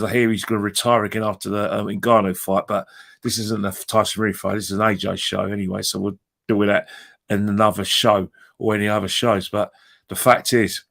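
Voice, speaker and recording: Gravelly man, opinionated. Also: on the low side, a bit bright. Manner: emphatic, repeats himself. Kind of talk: casual opinionated chat.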